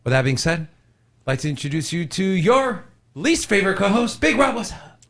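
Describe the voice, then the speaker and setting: A man's voice: high-pitched, sing-song, brisk, creaky, a bit bright. A man co-hosting a live show from a studio, upbeat and teasing in casual chat. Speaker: co-host of a live crypto show.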